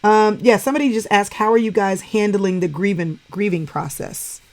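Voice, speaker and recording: Host, woman, mid-pitched voice, casual but preacherly and encouraging. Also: normal speed. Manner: encouraging, preacherly asides to viewers. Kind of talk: casual chat on a live stream.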